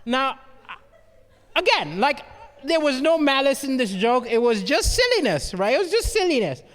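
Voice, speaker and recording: High lively stand-up comedian man. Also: moderate pace, big-room sound. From southern Africa. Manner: animated storyteller, stammering restarts, frequent "right?" asides. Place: live comedy stage.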